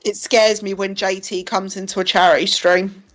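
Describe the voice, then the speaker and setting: A young woman chats loosely on a live stream, her voice sitting at an ordinary middle pitch. She laughs a lot and swears casually. Faint music plays underneath. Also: flat delivery, normal speed. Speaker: stream co-host.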